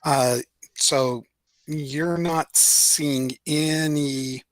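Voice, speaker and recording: Game master, slow, halting, dry sound. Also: medium pitch, fairly even intonation, dry recording. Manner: slow, halting, with many fillers. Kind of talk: running a tabletop game over voice chat.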